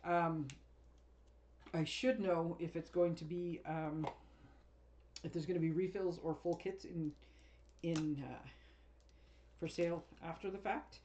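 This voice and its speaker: A woman's voice: on the low side, steady tone, slow, long pauses, a little mellow, slight background noise. A woman craft demonstrator chatting casually as she unboxes and sorts a paper craft kit, rambling and often laughing.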